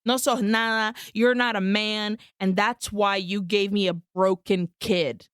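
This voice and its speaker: Podcast co-host, woman, smooth, dry close-mic sound, casual bilingual plot recap. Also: mid-range voice, steady tone, measured pace, dry recording. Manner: recaps the plot, switching between English and Spanish, swears freely. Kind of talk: casual film-recap chat.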